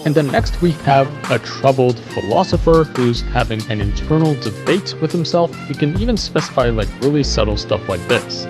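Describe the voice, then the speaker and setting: A man's voice: mid-range voice, animated, normal speed, few pauses, rough recording. Guy walking through ai news on screen, chatty and plain, faint music behind. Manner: conversational, explains while scrolling a web page. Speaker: tech news host. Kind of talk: casual screen-share news commentary.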